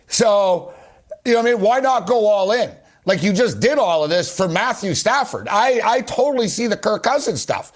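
A man hosting a sports talk radio show, arguing his takes on football trades in an animated, rapid way. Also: high-pitched. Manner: animated, rapid, argumentative, keeps addressing his guest.

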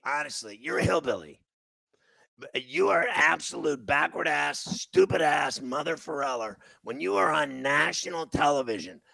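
Loud, gravelly ranting radio host man. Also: a little high, no room sound. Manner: loud, profane, mocking ranting. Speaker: talk show host. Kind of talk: radio talk show rant.

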